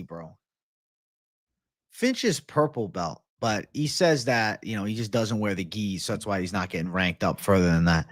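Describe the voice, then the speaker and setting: A man's voice: fairly low pitch, lively intonation, normal speed, dry recording, studio quality. A young man hosting a casual livestream, joking loosely, swearing a lot and talking to his chat. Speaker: livestream host reading chat.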